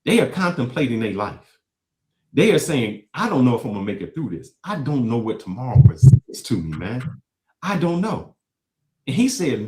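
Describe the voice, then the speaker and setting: A man in his commentary role reacts to clips, swinging his pitch widely as he builds his points with emphatic repetition. His voice rings out in a roomy, echoey space. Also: sing-song, moderate pace, darkish tone. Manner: emphatic, repeats phrases for effect. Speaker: show host. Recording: echoey room.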